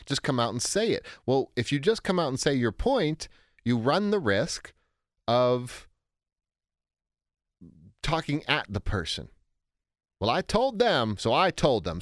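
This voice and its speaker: A man's voice: no room sound, studio quality. A man, an author on anger, answering a listener's question in a conversational teaching monologue. He acts out quoted voices and often restarts his sentences. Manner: animated, acts out quotes with big pitch jumps, frequent restarts. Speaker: author and speaker on handling anger.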